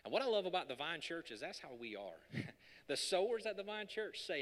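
A man's voice: on the high side, very animated, brisk, a bit bright. A male pastor preaching a sermon from a podium in a church hall, talking conversationally with jokes and building to emphatic peaks. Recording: long reverb of a large hall.

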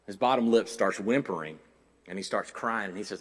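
Male pastor, sermon delivery, rises to loud urgent preaching then drops to quiet storytelling; long hall reverb. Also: lowish voice, fairly quick.

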